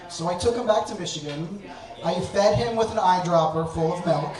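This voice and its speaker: High-voiced man telling a story in an echoey hall. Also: moderate pace, crowd noise. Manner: animated, self-mocking comic delivery. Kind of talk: live personal storytelling to an audience. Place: stage in a hall with a live audience. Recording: echoey hall, distant mic, audience laughter.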